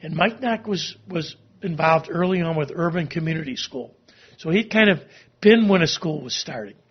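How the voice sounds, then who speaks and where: A middle-aged man telling a long personal story as an interview guest, halting and emotional, sometimes tearing up. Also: fairly high pitch, lively intonation, husky. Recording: dull lo-fi recording.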